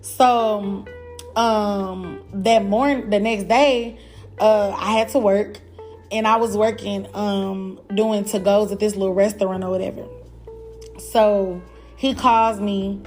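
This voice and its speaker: A young woman hosting a podcast, telling a personal story in a blunt, animated, profane way and talking straight to her listeners. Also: mid-range voice, slow pace, soft background music. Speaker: podcast host. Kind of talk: casual storytelling.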